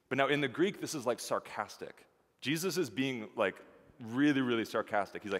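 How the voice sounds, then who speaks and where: A man preaching a sermon as pastor, lively, acting out the voices of the people in his story. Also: mid-range voice, fairly quick. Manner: animated, acts out voices of the disciples and Jesus. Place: church sanctuary. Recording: church hall reverb.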